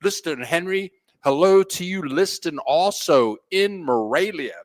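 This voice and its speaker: A man with a fairly high voice hosts a relaxed live stream from home, taking his time as he greets each viewer. His shout-outs are playful and folksy, with an easygoing, chatty delivery. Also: a little slow. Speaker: host of a live stream about living abroad. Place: home in a Mexican city.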